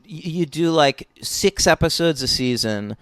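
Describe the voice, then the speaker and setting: A man's voice: on the high side, expressive, a little slow, no echo, clean studio sound. A man co-hosting a casual film podcast, talking in a blunt, profane, joking way. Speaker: podcast co-host.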